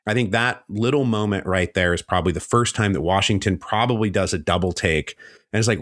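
A man with a low, deep voice tells history in easy conversation. He jumps up into the voices of the figures he quotes, animated and casual. The sound is dry and close, with no room around it. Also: a little fast, no room sound. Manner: animated, acts out quoted figures in shifting pitch. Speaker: history guest. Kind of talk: conversational storytelling.

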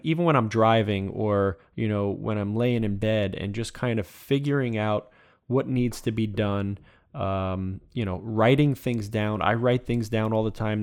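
A man with a gravelly, fry-edged voice answers interview questions as a baseball coach. He talks earnestly and repeats words while he works out his point. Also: fairly low pitch. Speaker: baseball coach and former player.

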